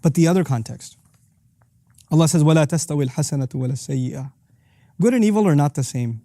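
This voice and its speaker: A middle-aged man teaching a lesson on Quranic verses as host of his series, talking rapidly and breaking into quick Arabic recitation. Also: on the high side, mellow, dry recording, studio quality.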